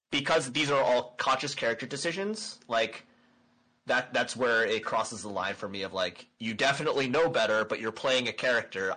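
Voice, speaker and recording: A man chatting casually as a podcast co-host, animated and often repeating words as he starts a sentence. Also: mid-range voice, rough recording. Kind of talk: casual chat.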